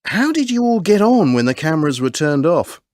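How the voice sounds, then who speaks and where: A man hosts a scripted interview and puts clear, expressive questions to his guest. His pitch sits a little high and moves animatedly through each sentence, and the sound is dry and close. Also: moderate pace, no room sound. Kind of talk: scripted exam-audio interview.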